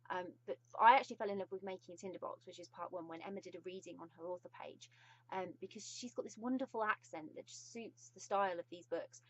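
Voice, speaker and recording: A woman with a British accent giving a casual video book review, gushing and effusive, with frequent pauses. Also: on the low side, no room sound, low-quality recording.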